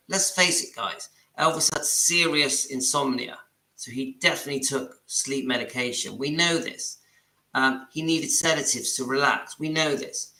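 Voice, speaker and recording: A man hosting a casual reaction video, chatty and enthusiastic, calling his viewers guys as he pauses a clip to comment. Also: on the high side, sharp tone, reverberant. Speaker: channel host reacting to a video.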